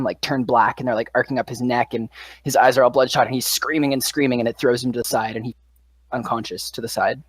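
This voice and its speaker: A woman's voice: a bass voice, darkish tone, poor audio. A woman narrating a tabletop game as dungeon master, casual and full of fillers. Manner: casual, lots of "like" and "uh".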